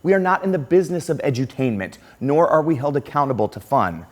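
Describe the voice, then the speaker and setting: A middle-aged man giving a conference keynote, telling a classroom story and acting out the quotes. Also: quick pace. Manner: animated, acts out quotes with lively pitch swings. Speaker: keynote speaker.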